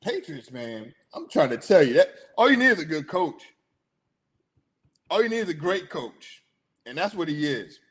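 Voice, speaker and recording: A man's voice: fairly high pitch, very animated, moderate pace, a bit bright, slightly rough. Chatty, hyped man talking sports. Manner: chatty, hyped, laughs often. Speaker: sports talk host. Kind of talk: casual sports chat.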